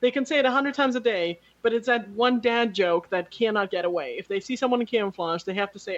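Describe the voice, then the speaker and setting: A woman's voice: a little high, quick pace, hardly any pauses, dull audio. A woman teasing her father-in-law playfully in a casual chat. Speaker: podcast guest.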